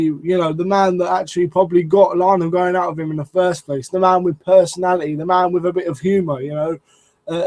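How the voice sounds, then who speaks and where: A man's voice: a little high, no room sound, rough recording. A man reviewing a wrestling show in a casual, rambling way, swearing and restarting his sentences often. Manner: rambling, profane, lots of restarts and fillers.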